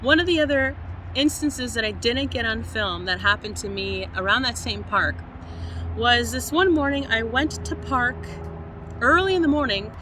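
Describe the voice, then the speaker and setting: Young woman vlogger, storytime delivery, high clear voice, faint traffic behind. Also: moderate pace. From Canada. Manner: animated, laughing storyteller. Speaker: van life vlogger. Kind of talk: storytime vlog.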